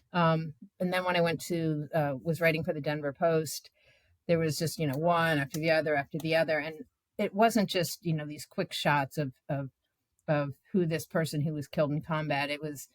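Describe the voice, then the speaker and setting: Woman in her fifties, journalist guest; lowish voice, dry close sound, animated and emotional storytelling, lots of "you know". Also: moderate pace, no echo. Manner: animated, emotional, many filler words. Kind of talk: candid conversational storytelling.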